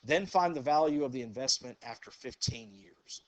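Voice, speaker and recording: A man teaching a math class, talking the students through a problem in a relaxed way. He says "okay" and "go ahead" again and again and puts questions to the class. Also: mid-range voice, moderate pace, no echo. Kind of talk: classroom lecture.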